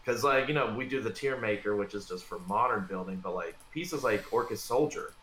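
A man's voice: on the low side, brisk, fairly bright tone, echoey room, a little hiss or hum. A man co-hosting a casual chat about a tabletop miniatures game, giving firm advice in a loose, conversational way. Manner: conversational, gives firm advice with filler words. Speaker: podcast co-host.

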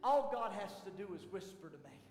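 A man preaching a sermon as lead pastor, dramatic, swinging from shouts down to near whispers. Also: high voice, animated, brisk. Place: church sanctuary. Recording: echoey church hall with faint piano.

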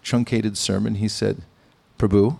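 A man giving a devotional sermon, speaking in a measured, pausing way with gentle humor. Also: medium pitch, vocal fry, slight background noise. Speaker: spiritual teacher. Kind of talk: sermon with anecdotes.

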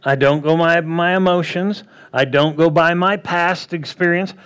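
A man preaching a sermon in a slightly raised, lightly higher voice. He keeps it plain-spoken and conversational, firing off rhetorical questions and acting out little back-and-forth quotes to drive each point home. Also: steady tone, unhurried, fairly bright tone, clean tone. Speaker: pastor.

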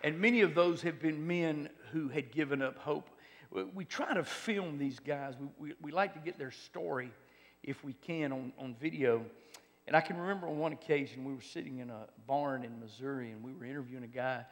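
A man preaching a sermon testimony, swinging from loud exhortation to hushed near-whispers. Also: mid-range voice, a little fast. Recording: long hall reverb.

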